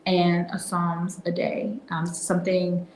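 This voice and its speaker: Soft-spoken woman with a roomy echo. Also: fairly low pitch, level tone, measured pace, gravelly, a little hiss or hum. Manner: soft-spoken, reflective, drops into whispers. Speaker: host. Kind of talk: casual devotional talk.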